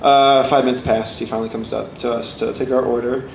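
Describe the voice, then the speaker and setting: A man's voice: medium pitch, fairly quick. A young man telling a story at a convention podcast panel, acting out the people in it. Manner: animated, acts out the people in his story. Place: convention panel room with a live audience. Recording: echoey hall with audience noise.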